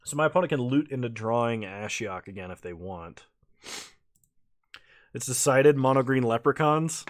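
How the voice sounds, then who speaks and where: A man's voice: medium pitch, normal speed, dry recording, clean studio sound. A man streaming a card game with casual commentary, laughing often and a little tipsy after a few beers. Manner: laughs often, relaxed and chatty.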